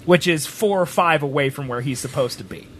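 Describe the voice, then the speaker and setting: Animated high-voiced male streamer. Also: a little fast, slight background noise. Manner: animated, rambling, rising to shouts when excited. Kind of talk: casual storytelling chat.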